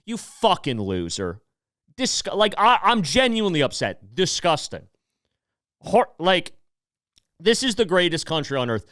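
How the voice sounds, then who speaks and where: Male podcast host, clear resonant voice, animated pitch, profane heated rants. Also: normal speed, dry recording, studio quality. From United States. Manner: sarcastic. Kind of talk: casual podcast monologue.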